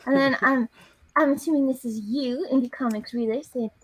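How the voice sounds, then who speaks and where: A woman's voice: high voice, brisk, poor audio. A woman co-hosting a livestream, reading out viewer comments in a playful, teasing way. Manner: playful, teasing, swears casually. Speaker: livestream co-host reading chat. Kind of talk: casual chat.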